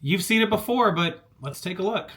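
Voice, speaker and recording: A man's voice: high voice, expressive, moderate pace, a bit bright. A man hosting a reaction commentary video, talking conversationally and seriously. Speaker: commentary channel host.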